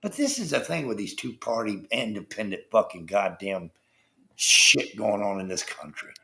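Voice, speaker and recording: Gravelly man ranting with heavy swearing. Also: fairly low pitch, expressive, moderate pace, pushed and bright. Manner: heated, swearing constantly, addresses chat viewers. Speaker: livestream host. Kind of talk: profane political rant on a livestream.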